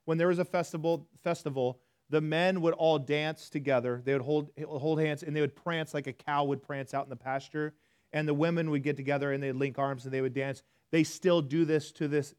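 A man preaching a sermon in a church, talking to the congregation conversationally, self-deprecating, swinging from hushed to loud. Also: a little high. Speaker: pastor.

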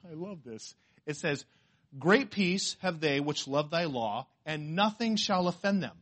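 A slightly high male voice belongs to a pastor mid-sermon. Full of rhetorical questions and emphasis, he shifts back and forth between quiet remarks and loud declarations.

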